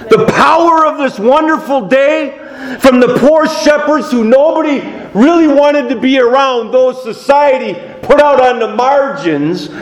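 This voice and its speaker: A man preaching a sermon as pastor, animated, rising to shouts of praise and chuckling between lines. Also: extremely high pitch, echoey room. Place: church. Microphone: microphone, moving on and off it.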